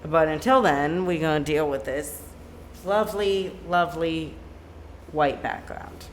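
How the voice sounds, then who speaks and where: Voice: medium pitch, normal speed, slight background noise. A musician chatting casually on a live stream from home, rambling and leaning on "like" as a filler. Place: home room with a plain white backdrop.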